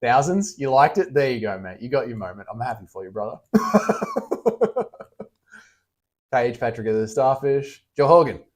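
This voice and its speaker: A man's voice: medium pitch, lively intonation, a little fast, hardly any pauses, a little mellow. A young Australian man casually chatting on a livestream, reading out and answering chat messages with blunt, teasing, sweary banter.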